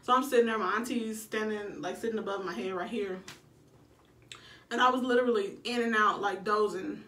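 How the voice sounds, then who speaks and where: A bright, forceful woman in her own casual storytelling, animated and profane, acting out what she said back then. She is recorded in an echoey room, a bit away from the camera mic. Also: mid-range voice, a little fast, recorded from a distance, slight background noise. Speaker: vlogger telling her birth story.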